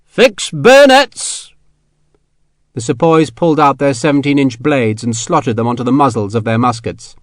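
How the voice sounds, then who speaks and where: Guy reading an audiobook, steady and even, mid voice, dry close sound. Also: medium pitch, brisk, few pauses, dry recording. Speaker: audiobook narrator. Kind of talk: scripted narration.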